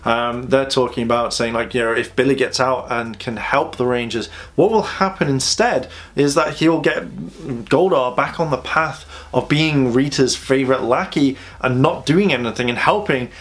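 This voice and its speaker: A man's voice: medium pitch, normal speed. A man reviewing a comic book in a casual vlog, retelling it in a rambling, enthusiastic way with many fillers.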